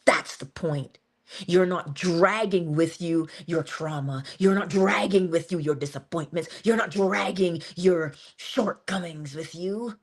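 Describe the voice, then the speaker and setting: A woman's voice: on the low side, measured pace. A woman giving an earnest but casual inspirational monologue as a motivational speaker, talking conversationally with sudden emphasis.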